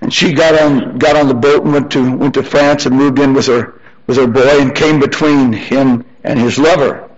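An older man preaching a sermon, repeating his phrases as he presses his congregation, then dropping into quieter storytelling. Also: fairly even intonation, normal speed, highs cut off. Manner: rising to high-pitched emphatic exhortation, then softer storytelling.

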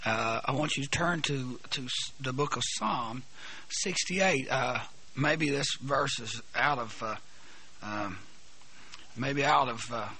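A hoarse man preaching a sermon, halting and repeating words, then bursting into shouts. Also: mid-range voice. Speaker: pastor. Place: church.

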